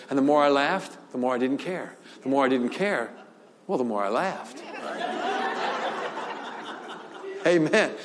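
Laughing older preacher in a big hall. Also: male voice, a little high, slight background noise. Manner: lively storyteller, laughs often, repeats words. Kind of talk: sermon with storytelling. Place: large church hall. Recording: long hall reverb.

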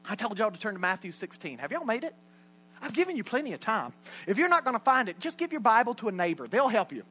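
Folksy preacher, bright voice. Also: male voice, sits high, husky. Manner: folksy and joking, shifting between loud and hushed. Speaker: pastor. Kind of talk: sermon. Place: church sanctuary.

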